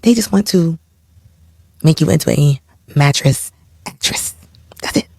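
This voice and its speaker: A woman's voice: sits low, lively intonation, unhurried, creaky, a little mellow, breathy edge, dry recording. A woman hosting a reaction video, cutting in with sarcastic, scolding asides. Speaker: reaction channel host. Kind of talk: reaction commentary.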